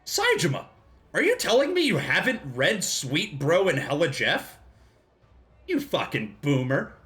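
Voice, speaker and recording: Animated jokey man streaming a game. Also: on the high side, unhurried, faint music behind. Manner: jokey, laughs often, swears casually. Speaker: streamer playing a video game. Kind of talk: casual live gameplay commentary.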